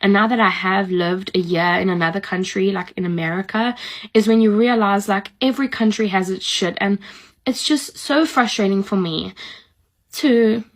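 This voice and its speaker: A woman's voice: medium pitch, moderate pace. A young woman in her twenties from South Africa, with a South African accent, venting in a casual vlog and leaning hard on "like". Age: 20s. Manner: frustrated, heavy use of "like".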